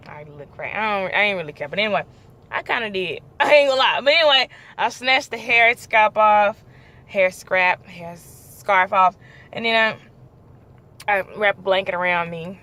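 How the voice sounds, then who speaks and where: Young woman telling a story, animated. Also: medium pitch. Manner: animated, acts out quoted dialogue. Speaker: vlogger. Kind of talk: casual storytelling vlog.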